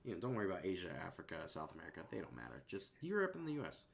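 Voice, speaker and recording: A man streaming and chatting casually at a desk microphone in a rambling, laid-back way that often trails off softly. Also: deep voice, wildly swooping pitch, very fast, creaky. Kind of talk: casual chat.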